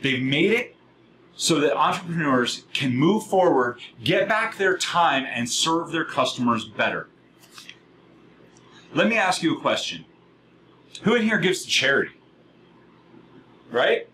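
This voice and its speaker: Fired-up man pitching to a room. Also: big pitch swings, sharp tone, a little hiss or hum, rough recording. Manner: fast, worked-up, asks the audience questions. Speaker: sales workshop presenter. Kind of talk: live motivational sales pitch to a room. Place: room with a live audience.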